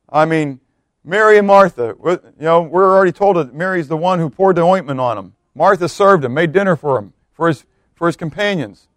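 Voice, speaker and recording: A man preaching a sermon, swinging from loud emphatic bursts to hushed quiet lines. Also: fairly high pitch, a little fast, no echo, clean studio sound.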